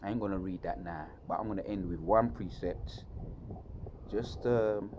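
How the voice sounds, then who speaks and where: Low-voiced man musing on scripture. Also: moderate pace, a little mellow, slight background noise, rough recording. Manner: rambling, quotes scripture, keeps saying "man". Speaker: vlogger. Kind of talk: casual religious musing.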